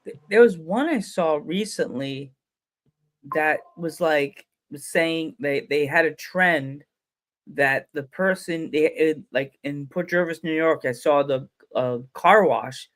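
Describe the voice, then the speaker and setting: A man's voice: on the high side, takes it slowly, fairly bright tone. A man hosting a streamed talk show over a video call, chatting casually and joking, often trailing off mid-sentence. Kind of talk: casual interview chat.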